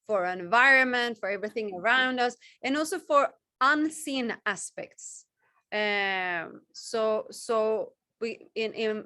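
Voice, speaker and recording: Bright, slow-spoken woman teaching chant. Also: a little high, dry recording. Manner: gentle, encouraging, halting with many restarts. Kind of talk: teaching Sanskrit chant pronunciation.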